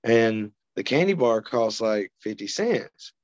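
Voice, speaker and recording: A man's voice: lowish voice, sing-song, takes it slowly, darkish tone, no echo, muffled recording. A man from Arkansas, a podcast guest telling stories in an easygoing way and chuckling between points. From Arkansas, USA. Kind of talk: casual storytelling chat.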